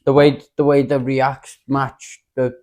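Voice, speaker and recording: Halting young Scouse man. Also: medium pitch, little pitch movement, a little mellow. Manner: halting, repeats words, laid-back. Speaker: podcast co-host. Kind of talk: casual storytelling.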